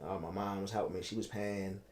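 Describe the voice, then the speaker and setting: A man, telling his own story in a casual interview, animated and repeating himself for emphasis. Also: low-pitched, brisk. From Baltimore, United States. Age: 30s.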